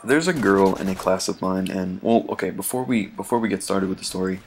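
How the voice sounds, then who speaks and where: Male gameplay commentator, low gravelly voice, loose chatty rambler. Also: a little fast, a little hiss or hum. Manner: rambling and chatty, many ums and restarts, chuckles often.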